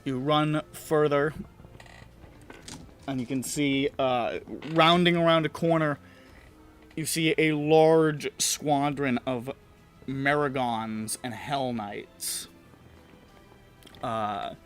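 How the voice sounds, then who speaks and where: A man's voice: medium pitch, steady tone, takes it slowly, pauses often, faint music behind. A man narrating as game master in a casual, swearing, laughing manner.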